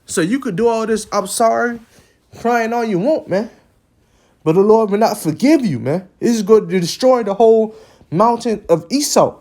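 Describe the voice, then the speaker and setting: A man's voice: sits high, lively intonation, normal speed, a little mellow. A man giving a religious lesson in an emphatic preaching style. He often ends phrases with "man" and sometimes stumbles and repeats words. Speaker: religious teacher.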